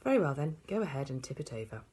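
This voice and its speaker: A woman voicing a kind young schoolteacher who speaks gently and patiently in a storybook reading. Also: deep voice, very animated, fast, slightly rough, full character voice. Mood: gentle.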